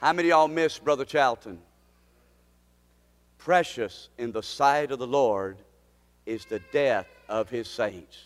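A man's voice: on the high side, a bit bright, in a large hall. A man preaching a sermon as pastor, impassioned and repeating key phrases for emphasis.

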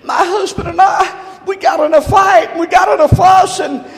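A man's voice: extremely high pitch, fairly even intonation, normal speed, raised voice, pitched above the performer's own voice. A man voicing a distraught young newlywed wife, wailing in a breathless rush, in an echoey church hall.

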